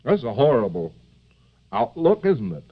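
A man with a medium-pitched, sing-song voice lectures live at a normal speed. He keeps joking and drifting off topic, leaning on fillers and asides like "see?" The old recording is dull and lo-fi.

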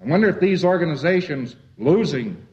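A man's voice: on the high side, sing-song, brisk, a little mellow. A man giving a lecture in a folksy, wry, rambling way. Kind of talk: lecture to a live audience. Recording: dull lo-fi old lecture tape.

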